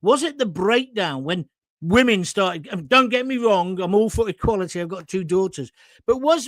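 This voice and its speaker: A man's voice: high voice, fairly bright tone, no echo. A man, hosting an online talk show and chatting casually through viewer comments in a blunt, jokey way with crude asides. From England.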